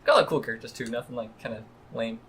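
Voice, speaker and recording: A man co-hosting a podcast, talking quickly and laughing easily in casual chat. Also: mid-range voice, fairly bright tone, slight background noise. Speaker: podcast co-host.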